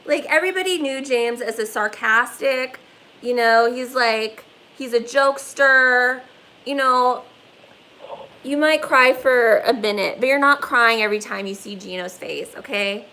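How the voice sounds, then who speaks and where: Livestreaming casually from her phone, a woman rambles on, curses, and leans heavily on "like" as a filler. She speaks a little slowly, with a fairly high pitch and a sharp tone. The recording quality is low.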